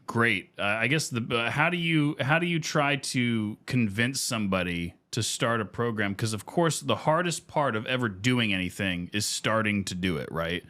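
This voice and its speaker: A man's voice: mid-range voice, fairly bright tone. A man hosting a casual podcast, asking loose, rambling questions with fillers. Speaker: podcast host.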